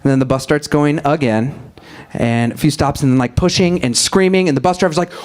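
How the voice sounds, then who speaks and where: A man's voice: fairly high pitch, quick pace, darkish tone. A man co-hosting a live comedy podcast, telling an anecdote in a chatty manner with wry asides. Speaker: podcast co-host. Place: live show at a music venue.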